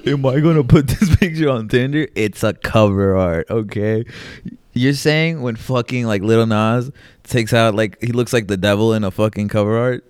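A man's voice: medium pitch, a little slow, a little mellow, clean tone, no echo, clean studio sound. A young man co-hosting a podcast, chatting casually, joking and swearing and laughing often. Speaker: podcast co-host. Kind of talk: casual chat.

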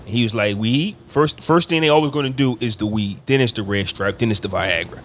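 A man casually telling a long, animated story to friends on a podcast, slipping into quoted voices and laughing along. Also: fairly low pitch, fast, slight background noise.

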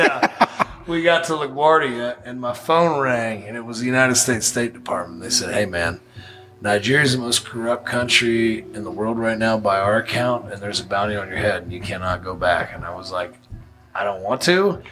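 A man's voice: mid-range voice, fairly even intonation, normal speed. A man telling a long story in casual podcast chat, blunt and profane, laughing at his own bad luck. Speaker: podcast guest.

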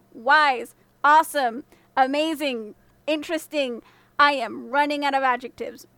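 A woman's voice: high-pitched, fairly bright tone, no room sound. A woman narrating a fairy tale from a script, with playful joking asides. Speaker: storyteller.

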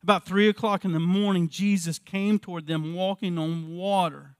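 A man's voice: high voice, steady tone, normal speed, smooth, no echo, clean studio sound. A man in his fifties preaching a sermon as pastor in a church, earnest and full of rhetorical questions, often repeating his words. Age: 50s.

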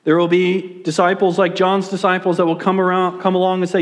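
Male pastor, young adult, sermon delivery, animated, loud emphasis dropping to hushed asides, voice sits a bit high. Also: a little fast.

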